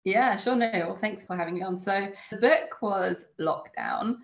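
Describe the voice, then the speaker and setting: A woman's voice: medium pitch, a little slow, gravelly, dull audio. A woman interview guest from the UK explaining things in an earnest, emphatic way. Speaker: crypto author and guest. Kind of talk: interview answers.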